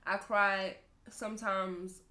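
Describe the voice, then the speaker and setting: A woman's voice: mid-range voice, little pitch movement, slow, bright, forceful tone. A young woman hosting a podcast, talking candidly and emotionally about motherhood, often laughing. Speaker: podcast host, mother of two sons. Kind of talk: candid personal talk.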